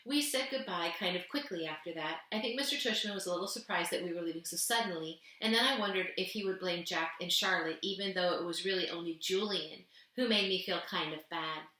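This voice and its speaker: A woman reading a children's novel aloud, gently narrating and lifting her voice for the characters. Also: fairly quick, hardly any pauses. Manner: gentle storytelling, voicing characters with raised pitch. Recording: echoey room.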